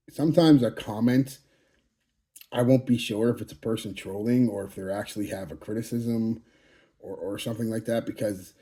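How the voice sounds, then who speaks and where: A man's voice: mid-range voice, dark tone. A man in his forties talking casually to his channel, blunt and profane, rambling with frequent restarts. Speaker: fragrance channel host. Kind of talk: casual channel update monologue.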